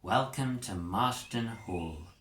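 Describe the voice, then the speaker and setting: A man's voice: fairly low pitch, lively intonation, slow pace, fairly bright tone, reverberant, low-quality recording. A man doing a prim, fussy young schoolmistress. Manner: formal, fussy, proper. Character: prim young female school counsellor, overly formal.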